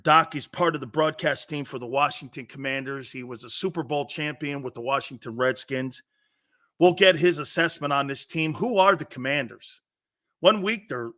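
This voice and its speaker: Brash male sports radio host, fast-swinging opinions, bright forceful tone, higher-pitched voice. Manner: brash, excitable, laughs often, needles his co-hosts. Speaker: sports talk show host.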